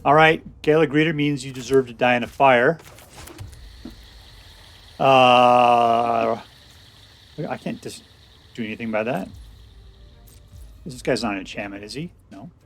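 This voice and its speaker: A man's voice: mid-range voice, measured pace, pauses often, soft background music. A man giving casual commentary on a card game he is playing, counting cards aloud under his breath and making wry, sarcastic remarks to himself.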